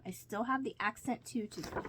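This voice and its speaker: A woman's voice: a little high, a little fast, bright, forceful tone, a little hiss or hum. A woman casually narrating her week's quilting and sewing projects, walking through each piece step by step. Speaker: crafting vlogger. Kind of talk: casual show-and-tell narration.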